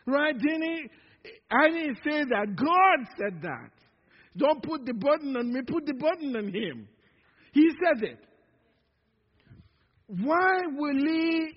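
Pastor guy preaching slow, very high voice, long church hall echo, kinda dull lo-fi sound. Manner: call-and-response preaching, drawn-out emphatic words. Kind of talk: sermon. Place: church sanctuary.

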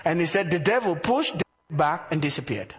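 A man's voice: on the high side, expressive, a little fast, in a large hall. A man preaching a sermon as a pastor, building emphasis through repeated phrases.

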